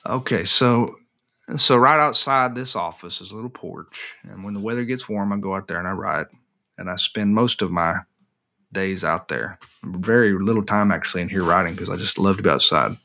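A man, an author and interview guest, telling a personal story in an animated, self-deprecating way, often restarting his sentences. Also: low voice, normal speed.

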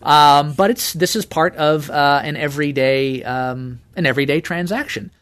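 A man speaking as an expert guest, explaining things in a measured way. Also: a little high, fairly bright tone, smooth. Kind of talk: explanatory interview talk.

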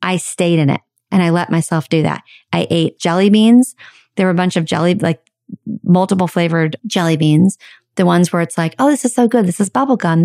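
Candid, animated woman podcast host. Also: on the low side, dry recording, clean studio sound. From United States. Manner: candid, animated, swears casually. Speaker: podcast host and life coach. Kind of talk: personal storytelling monologue.

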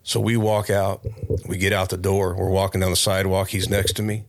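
A man, a podcast guest, telling a long casual anecdote with lots of restarts and animated asides. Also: deep voice, brisk, no room sound, clean studio sound. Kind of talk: casual storytelling. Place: recording studio.

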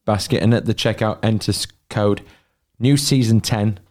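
A man with a low voice hosting a casual football podcast. He sounds upbeat as he moves the show along between segments. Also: normal speed, darkish tone. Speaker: podcast host.

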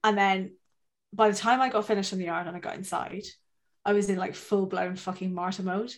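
A woman's voice: medium pitch, steady tone, brisk. A woman, co-hosting a casual chat and telling rambling, self-mocking stories with plenty of swearing. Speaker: podcast co-host.

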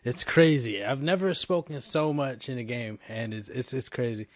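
A man's voice: mid-range voice, expressive, moderate pace, no room sound. A man co-hosting a podcast, joking and animatedly recounting playing a game on a flight. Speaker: podcast co-host. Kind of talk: casual gaming chat.

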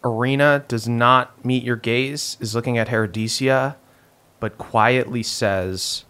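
A man's voice: mid-range voice, steady tone, unhurried, sharp tone, clear, resonant tone. A man narrating as game master of a tabletop game, in a loose, descriptive way with frequent fillers.

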